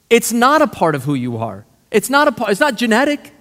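A male pastor preaching a sermon, animated and conversational, full of rhetorical questions. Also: sits high, brisk, few pauses. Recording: long hall reverb.

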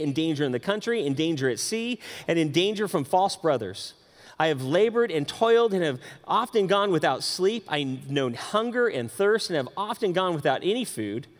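A man preaching a sermon, animated, with frequent repeated words and asides to the congregation. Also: fairly high pitch, big-room sound. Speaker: pastor.

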